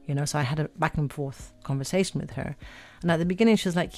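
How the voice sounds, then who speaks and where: A woman life coach chatting on a podcast, animated, repeating words and acting out her own self-talk. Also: low-pitched, quick pace, hardly any pauses, faint music behind. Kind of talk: casual podcast chat.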